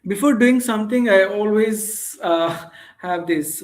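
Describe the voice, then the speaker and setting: A man with an Indian accent gives a casual spoken English lesson in a fairly high voice. He talks earnestly, thinking aloud with fillers and restarts. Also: measured pace. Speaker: English teacher.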